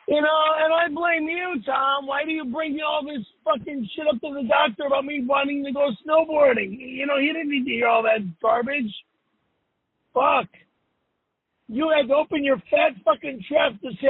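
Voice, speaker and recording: A man's voice: very high voice, moderate pace, gravelly, breathy edge, dry recording. A man leaving an angry, profane voicemail from his car, cursing and repeating himself. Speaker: show host. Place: driving in a car. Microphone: phone. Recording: tinny phone voicemail.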